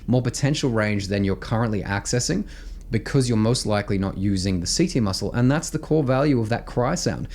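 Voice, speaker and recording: Lively Australian man coaching singing. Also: lowish voice, brisk. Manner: animated, emphatic, peppers speech with "right?". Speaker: vocal coach. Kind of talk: instructional explanation with sung demos.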